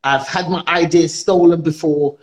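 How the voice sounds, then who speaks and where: A woman, a guest comedian telling a story in an animated, comic way, acting out voices and swearing freely. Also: deep voice, moderate pace. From England.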